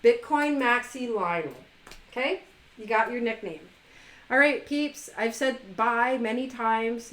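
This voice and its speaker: A woman hosts a live stream in a loose, chatty manner. She teases her viewers playfully, and her voice sits a little high. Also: normal speed, fairly bright tone, low-quality recording. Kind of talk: casual live stream chat.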